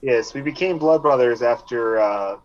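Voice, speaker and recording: A man playing in a tabletop game, making dry, deadpan remarks. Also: medium pitch, normal speed. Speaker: player. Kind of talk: casual tabletop role-play. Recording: dull lo-fi mic, faint noise.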